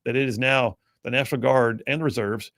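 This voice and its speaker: A man hosting a talk radio show, energetic and folksy. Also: medium pitch, fairly quick, dry recording, clean studio sound. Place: radio studio.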